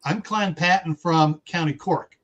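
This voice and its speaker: Chatty middle-aged male host with a high voice, laughs easily, reads out viewer comments. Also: measured pace, fairly bright tone, highs cut off. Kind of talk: casual livestream chat.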